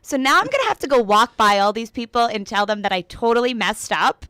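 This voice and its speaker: A young woman co-hosting a radio show, telling a ranting story in a casual, animated way full of "like", often laughing. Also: fairly high pitch, a little fast, smooth, no echo, studio quality. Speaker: radio co-host.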